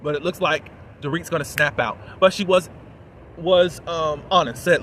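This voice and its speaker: This reality show recap comes from a man whose fairly high voice keeps a steady, fairly bright tone at normal speed. Chatty and casual, he's sassy and opinionated, speaking straight to viewers over a faint background hiss.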